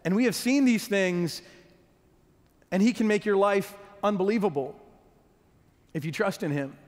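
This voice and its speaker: In a church hall with a long echo, a pastor with a high, darkish-toned voice delivers a sermon. He addresses the congregation earnestly, often stumbling into quick restarts and doubled words before continuing.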